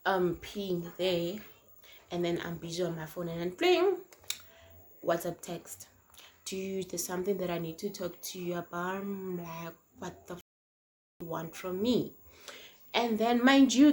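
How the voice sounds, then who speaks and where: A young South African woman telling a casual storytime on her vlog, animated and slangy, swinging between loud and hushed. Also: on the low side. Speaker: vlogger. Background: faint noise from outside.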